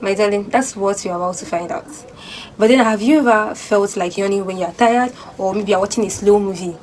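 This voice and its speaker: A young woman, hosting a casual educational vlog and explaining physiology in a chatty, animated way. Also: medium pitch, brisk, a little hiss or hum, rough recording. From Nigeria. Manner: chatty and animated, acting out sleepy voices and sighs. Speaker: student host of a physiology channel.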